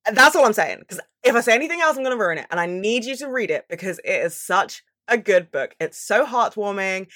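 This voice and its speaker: A woman's voice: mid-range voice, sharp tone, no echo, studio quality. A young woman vlogging in a casual, chatty way, swearing freely and gushing about what she loves. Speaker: book vlogger. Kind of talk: casual chat.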